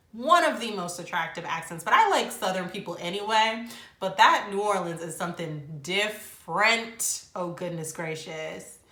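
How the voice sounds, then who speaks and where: A young woman casually reviewing a reality show, chatty and animated, quoting people in mock voices, with a Black lilt. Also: a little high. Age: young adult. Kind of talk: casual commentary. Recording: echoey room.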